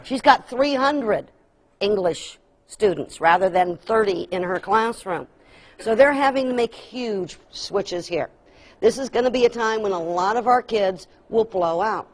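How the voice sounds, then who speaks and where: A middle-aged woman giving a training workshop, lively and humorous, acting out kids' voices and dropping folksy asides. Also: medium pitch, a little slow. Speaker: workshop presenter. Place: workshop room.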